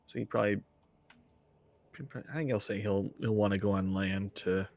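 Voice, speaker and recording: A man's voice: on the low side, steady tone, normal speed, darkish tone. A man playing in a tabletop game, talking casually and jokingly, often trailing off mid-thought. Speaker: player.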